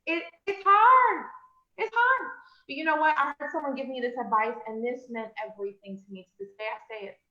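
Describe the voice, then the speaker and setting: Bright-voiced woman giving an earnest pep talk. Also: fairly even intonation, quick pace, reverberant, muffled recording. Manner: earnest and encouraging, addresses listeners as friend; swings from loud emphatic bursts to low confiding tones. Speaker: motivational speaker, business coach. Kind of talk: motivational talk on a call. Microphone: call audio.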